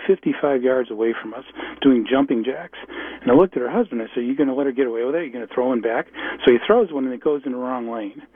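A man's voice: medium pitch, slightly rough, no room sound. A man calling into a radio show, chatty, building his story to the punchline over the phone. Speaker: caller. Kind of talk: telling a story on a call-in show. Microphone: telephone. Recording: phone line.

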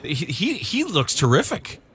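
A man's voice: fairly high pitch, huge pitch swings, unhurried, a bit bright. A man co-hosting a sports radio show, trading dry, wry jokes in casual banter at an auto show booth. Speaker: radio co-host.

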